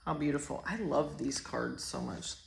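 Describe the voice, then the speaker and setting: A woman doing a casual spiritual oracle card reading, chatty and rambling, getting excited and swearing freely. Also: very deep voice, normal speed, vocal fry, roomy sound, a little hiss or hum.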